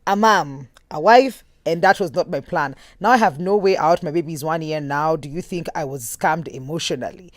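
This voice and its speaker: A woman's voice: sits low, moderate pace, few pauses, dry recording, studio quality. A woman hosting a talk show, reading out listener messages in a chatty, giggly way.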